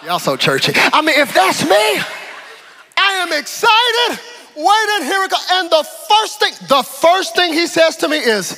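A man preaching a sermon to a congregation, swinging from hushed near-whispers to loud, excited shouts, with humor and acted-out Bible scenes. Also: very high-pitched, moderate pace. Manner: acts out Bible scenes with put-on voices. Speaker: pastor.

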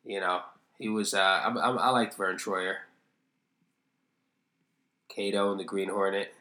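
The voice is on the low side, a bit bright, and measured, with long pauses, in an echoey room. The man hosts a casual solo podcast, rambling, swearing freely, and making jokes about himself.

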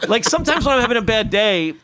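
A man's voice: sits high, fast talker. A man telling profane stories in casual chat, acting out the people he quotes. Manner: profane, animated storytelling with acted-out quotes. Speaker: podcast co-host.

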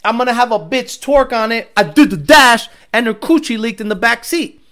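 A man's voice: very high-pitched, expressive, normal speed, sharp tone, full character voice. A man voicing a boastful young male rapper who brags on video. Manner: brash, bragging.

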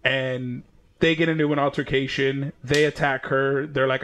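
A man's voice: medium pitch, little pitch movement, moderate pace, fairly bright tone, slight background noise. A man co-hosting a casual comic book chat, retelling the plot with acted-out quotes and plenty of swearing. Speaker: comic book podcast co-host. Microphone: headphones and mic setup.

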